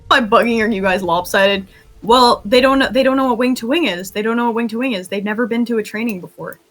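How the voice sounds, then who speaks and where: A woman's voice: on the high side, brisk, fairly bright tone. A woman leading a group roleplay training, giggly and often laughing as she gives instructions, with bouts of coughing. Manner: coughing fits. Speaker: training host.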